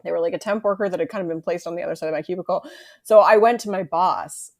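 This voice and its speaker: A woman's voice: on the low side, fast talker, creaky. A woman guest in a casual podcast chat, hesitant with many fillers and easy laughs.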